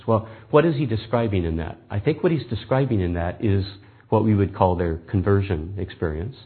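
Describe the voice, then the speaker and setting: Low, husky male Bible teacher. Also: lively intonation, a little fast. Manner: methodical, reasoning aloud with quoted scripture. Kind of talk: Bible study lecture. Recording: tinny phone-like band.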